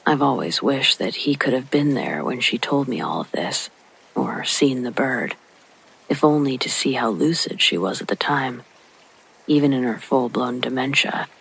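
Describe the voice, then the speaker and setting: Male horror narrator, gravelly husky voice, hushed whispery delivery, rain behind. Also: mid-range voice, rough recording. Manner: hushed, slow, often breathy and whispery. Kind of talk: scripted narration.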